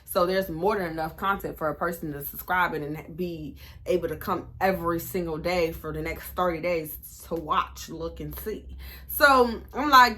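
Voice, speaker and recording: A young woman in her twenties tells a personal story straight to her viewers. Her voice is bright and forceful, and she delivers it in an animated, sassy way, jumping in and out of quoted dialogue. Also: medium pitch, unhurried. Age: 20s. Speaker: vlogger. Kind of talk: storytime vlog.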